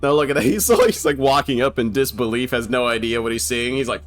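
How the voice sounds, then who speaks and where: A young man giving casual, excited commentary on an old film, slangy, swearing and laughing often. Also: mid-range voice, fast, soft background music. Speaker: movie reaction commentator.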